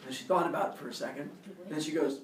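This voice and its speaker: A man telling a childhood fight story in an animated way, laughing and acting out the voices. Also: on the high side, quick pace, slight background noise. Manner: animated, laughing, acts out quotes. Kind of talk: personal storytelling talk. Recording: roomy, distant camera audio.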